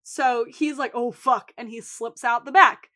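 Speaking at a moderate pace in a slightly high voice, a woman co-hosting a podcast runs through a TV episode in a relaxed way. Her retelling is lively, full of performed character quotes and lots of cursing.

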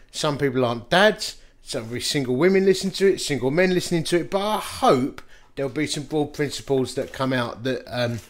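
A man in his fifties preaching a quick-fire sermon as a pastor, telling self-deprecating stories and chuckling along the way. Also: on the high side.

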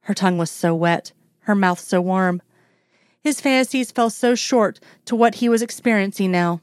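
A woman reading a romance story aloud in a steady, even storytelling voice. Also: medium pitch, moderate pace, clean tone, no echo, studio quality. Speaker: narrator.

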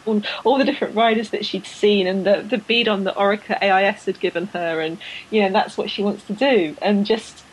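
A chatty woman hosting a podcast, talking in a loose, rambling way full of fillers and false starts. She sounds enthusiastic and piles up her praise. Her pitch sits in an ordinary middle range. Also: steady tone, a little fast, slight background noise, rough recording. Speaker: podcast host. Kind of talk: casual chat.

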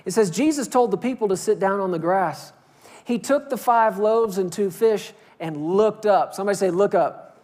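A man preaching a sermon as pastor, swinging from loud, pleading outbursts to hushed, quiet lines. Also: high voice, moderate pace.

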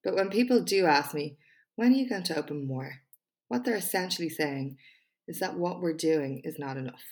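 Low-voiced, frank woman podcaster. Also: expressive, moderate pace. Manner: frank, chatty, self-deprecating, with emphatic speech-style delivery. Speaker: podcast host and small business owner. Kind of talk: solo podcast monologue, reading her own speech aloud.

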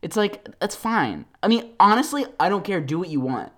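A podcast host rants solo at a normal speed, rambling along with plenty of fillers and laughs. He swings between low mumbles and loud, animated bursts.

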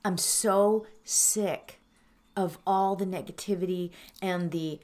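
A woman introducing a guided meditation, speaking earnestly and emotionally, halting and teary with soft laughs. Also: lowish voice, steady tone.

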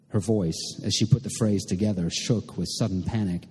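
A man reading a novel aloud in a measured, literary way. His voice is low, husky and mellow. A long hall reverb trails after his words. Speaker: narrator. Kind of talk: audiobook narration.

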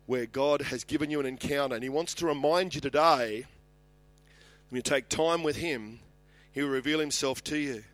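Passionate Australian pastor preaching. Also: male voice. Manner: passionate, rises in pitch and volume when reading scripture. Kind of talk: sermon.

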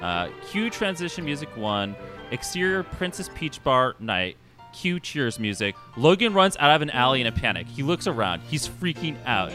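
A man narrating a tabletop role-play as game master, reading out lively scene directions. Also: medium pitch, normal speed, music in the background.

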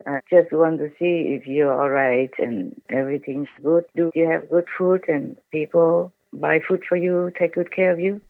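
A man's voice: a little high, steady tone, moderate pace, few pauses, no room sound. A man speaking as a spiritual teacher over the phone to his followers, emotional, pleading and repeating his words. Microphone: telephone. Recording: tinny phone line.

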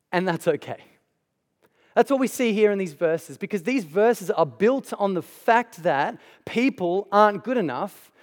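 A man with a high voice preaches a sermon in a church hall, his words trailing into long reverb. He speaks conversationally and emphatically, dropping casual asides to the congregation. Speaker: pastor.

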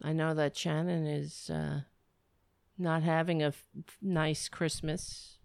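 A woman's voice: deep voice, little pitch movement, slow, creaky, a little mellow, no room sound, studio quality. A woman hosting a political commentary livestream, sarcastic and rambling, breaking into mocking impressions. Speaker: livestream host.

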